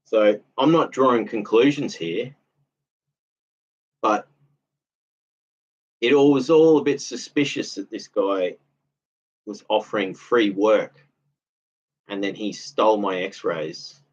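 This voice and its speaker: A male vlogger with a lowish voice speaks slowly and pauses often. His casual monologue rambles with a sense of grievance, circling back and repeating itself, and the lo-fi audio sounds dull.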